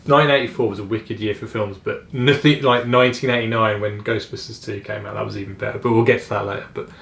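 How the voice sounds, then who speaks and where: A man's voice: fairly low pitch, steady tone, fast talker, creaky, a bit bright. A young man co-hosting a casual film chat, rambling and laughing often. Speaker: podcast co-host. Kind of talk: casual chat about films. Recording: echoey room.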